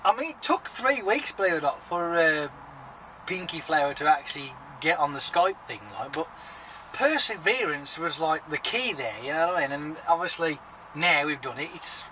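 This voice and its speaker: Brief: male vlogger, chatty and sweary, slightly high voice, mic set back with loud traffic behind. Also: expressive, moderate pace, far from the mic, rough recording. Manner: rambling, chatty, swears freely. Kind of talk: casual vlog chat.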